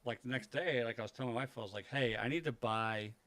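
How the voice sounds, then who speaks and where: A man's voice: mid-range voice, fast, clear, resonant tone. Casual, profane male podcast storyteller. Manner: profane, animated anecdote telling with acted quotes. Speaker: podcast co-host.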